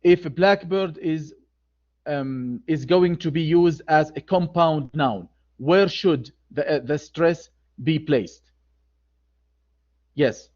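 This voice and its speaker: Man, grammar teacher, online lecture, repeats himself, slow, slightly high voice, dull computer-mic sound. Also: a little mellow. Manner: slow, deliberate, repeats key phrases.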